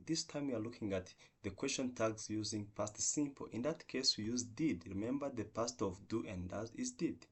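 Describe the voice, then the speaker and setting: A man teaching an online English grammar lesson, explaining slowly and going through example sentences one by one, with restarts and non-native phrasing. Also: medium pitch, a little mellow, husky.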